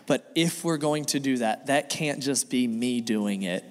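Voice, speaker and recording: Male pastor, mid-pitch, earnest preaching, reverberant sanctuary sound. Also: measured pace. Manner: earnest, repetitive preaching with acted dialogue. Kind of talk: sermon. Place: church sanctuary. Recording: long reverb of a church hall.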